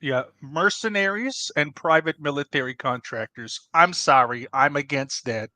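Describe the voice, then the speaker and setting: A man's voice: a little high, measured pace, pushed and bright, no echo. A man playing a brash, bossy middle-aged pizzeria owner, who scolds and talks over his partner in a comedy debate. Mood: indignant.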